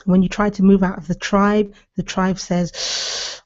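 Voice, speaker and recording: A woman's voice: medium pitch, little pitch movement, measured pace, darkish tone. A woman hosting her own show as a speaking coach, giving a passionate, emphatic motivational talk. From Britain. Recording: slightly dull lo-fi audio.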